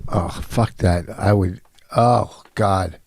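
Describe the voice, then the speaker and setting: A man's voice: deep voice, slow, vocal fry, darkish tone, a little hiss or hum. A middle-aged man co-hosting a podcast in casual chat, ranting bluntly and swearing a lot. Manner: blunt, grumbling rants with heavy swearing. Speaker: podcast co-host.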